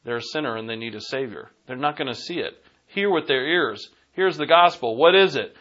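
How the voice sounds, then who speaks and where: A man's voice: medium pitch, expressive, fairly quick, fairly bright tone, dull audio. A man with a Boston accent preaching a Bible lesson, emphatic and digressive, rising to punch key phrases. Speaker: Bible teacher. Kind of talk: sermon.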